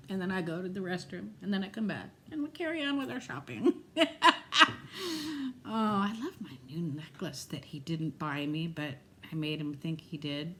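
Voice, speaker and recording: A middle-aged woman chatting casually in a home vlog, animated and quick to laugh. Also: mid-range voice, a little hiss or hum. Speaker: vlogger. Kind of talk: casual chat.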